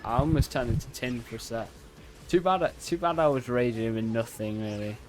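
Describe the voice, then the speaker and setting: Over music, a man of medium pitch and normal speed chats loosely with viewers while live-streaming a racing game. His talk wanders and interrupts itself, punctuated by loud cries of "no, no."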